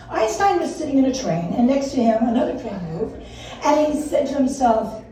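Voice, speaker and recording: A woman's voice: high-pitched, lively intonation, brisk, warm tone. An older woman doing a stand-up comedy set, self-deprecating and laughing through her own jokes. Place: stage in a room. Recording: echoey room, mic far off.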